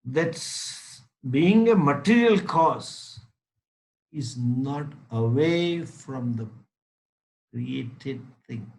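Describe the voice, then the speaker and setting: Speaking deliberately and emphatically, a male teacher gives a spiritual lecture, using a story to illustrate his points. His medium-pitched voice is gravelly and a little mellow with lively intonation, heard through poor audio.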